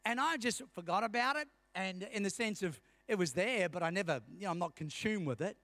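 A man's voice: sits high, expressive, fast talker, few pauses, fairly bright tone, no echo. A male pastor in his fifties preaching a sermon, telling a personal story and calling out to his congregation. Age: 50s.

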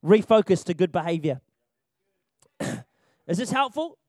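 High-voiced, lively male ministry trainer. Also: unhurried, no echo. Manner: animated and jokey, laughs often; repeats key points for emphasis. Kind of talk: church training talk.

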